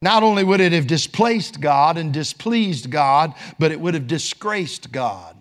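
A man's voice: a little high, expressive, a little slow. A man preaching a sermon, quoting scripture in King James wording and rising for emphasis.

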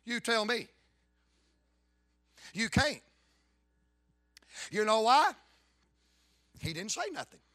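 A man preaching a fervent revival sermon, bursting into loud shouts. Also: sits high, sing-song, slow pace, pauses often, no room sound, clean studio sound.

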